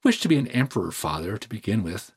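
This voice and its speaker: A man's voice: on the low side, very animated, fast talker, vocal fry, husky, heavily acted. A man reading aloud as a cheeky young son who teases and jokes. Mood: teasing. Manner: teasing, mock-solemn. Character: cheeky joking young son, playful and irreverent. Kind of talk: audiobook reading.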